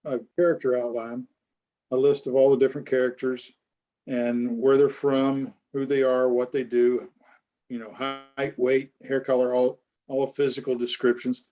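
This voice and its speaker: A man's voice: medium pitch, little pitch movement, normal speed, dark tone. Man from Florida, author guest, plain easygoing talk, muffled lo-fi sound. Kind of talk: casual chat.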